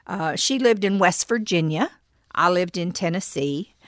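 Middle-aged woman, low voice, halting testimony; dry and close. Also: lively intonation, no echo. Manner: reflective and halting, with frequent pauses and restarts. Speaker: storyteller. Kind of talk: personal testimony.

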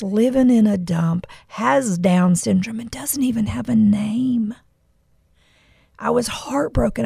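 A middle-aged woman with a gravelly edge tells a heartfelt story in an earnest, emotional way. She hosts a faith podcast, and the sound is close and dry. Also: medium pitch, dry recording. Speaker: podcast host. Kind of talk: personal storytelling with Bible reflection.

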